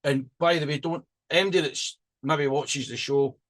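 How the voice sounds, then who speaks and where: A man's voice: on the high side, moderate pace. A man co-hosting a podcast, talking in a chatty, rambling way with many restarts. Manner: chatty and rambling, with frequent restarts and lively rising emphasis. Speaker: podcast co-host. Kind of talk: casual chat.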